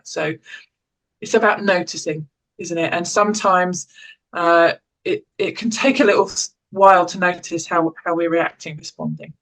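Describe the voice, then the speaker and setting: A woman's voice: lowish voice, fairly even intonation, normal speed, a bit bright, low-quality recording. A woman in her forties from England with an English accent, an educational psychologist giving an informal, conversational talk on well-being, with frequent restarts and light laughs. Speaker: educational psychologist and parent caregiver.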